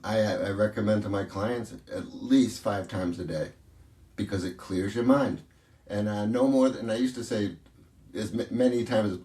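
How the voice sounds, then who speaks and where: A man speaking as a coach in a casual interview, telling stories in an animated way and laughing easily. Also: on the low side, echoey room, distant mic.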